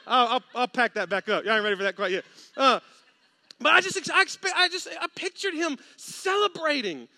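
A man's voice: extremely high pitch, fairly quick, no echo. A man preaching a sermon with humor and acted-out voices. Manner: animated, humorous, acts out quoted voices. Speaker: pastor.

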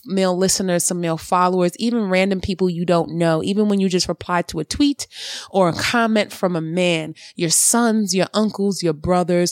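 A woman hosting a podcast in a casual, expressive talk, preaching with emphatic repetition. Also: fairly low pitch, no echo, clean studio sound. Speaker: podcast host. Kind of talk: casual talk with karaoke singing.

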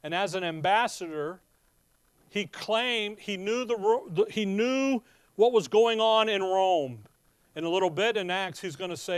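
A man's voice: high voice, normal speed, clean tone, no room sound. A man preaching a sermon, reading scripture aloud and explaining it in an emphatic, conversational way full of rhetorical questions.

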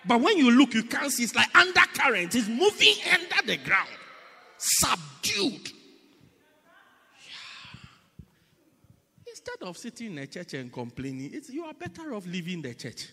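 A man preaching a sermon in a church, swinging between loud, drawn-out lines and hushed whispers, repeating words for effect. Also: very high voice, wildly swooping pitch, creaky, husky. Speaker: pastor. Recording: echoey church hall.

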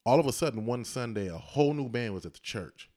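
A man's voice: mid-range voice, animated, quick pace, warm tone. A man in casual conversation, animatedly telling a story and acting out the voices of the people in it. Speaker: husband telling his story.

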